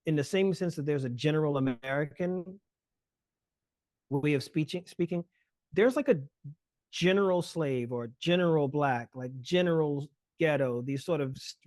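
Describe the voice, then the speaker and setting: Man, lecturer on a webinar call, brisk, filler-heavy delivery, slightly high voice, dry sound. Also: darkish tone, no room sound. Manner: fast, fluent explaining with frequent fillers. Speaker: guest lecturer.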